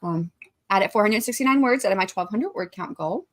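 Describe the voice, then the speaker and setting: A host in her forties leads a casual writing livestream, greeting viewers by name, reading out their messages and chatting along. She has a medium-pitched voice with lively intonation and speaks a little fast.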